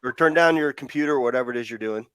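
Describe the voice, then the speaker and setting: Quick-talking co-host man, dry sound. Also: mid-range voice, a bit bright, smooth, no echo. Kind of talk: casual chat.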